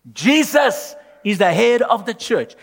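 A male pastor preaching a sermon emphatically, swinging from loud declarations to hushed, low lines. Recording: long hall reverb.

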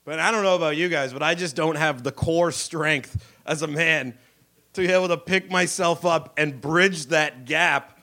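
A man's voice: a little high, moderate pace, pushed and bright. A young man doing a crude, self-mocking stand-up set on a club stage. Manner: crude, self-mocking storytelling with acted-out voices. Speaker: stand-up comedian. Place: comedy club stage with live audience.

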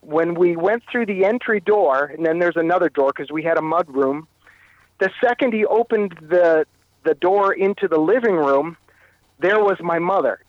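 A man from Canada, a guest in an interview, telling a personal story in a halting way, often repeating and restarting phrases. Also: sits high, no echo, narrow, tinny audio.

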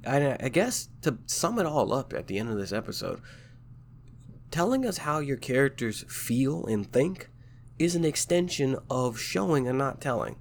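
A man's voice: medium pitch, sing-song, moderate pace, gravelly, a little hiss or hum. Congested man talking shop casually. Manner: laid-back, slangy, fond of "like" and "man". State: congested, stuffy nose. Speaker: podcast host and novelist. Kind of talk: casual chat about writing craft.

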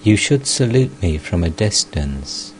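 A man reading the lines of a gentle elderly male holy teacher in an audiobook, in a measured way. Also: low voice, very animated, a little hiss or hum.

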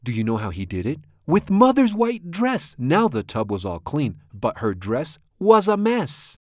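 A man reads a rhyming children's book aloud with a bouncy rhythm. His pitch swings widely and expressively. The recording is dry and close, with no room sound. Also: sing-song, moderate pace, a little mellow, no room sound. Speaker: storybook reader. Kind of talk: children's storybook read-aloud.

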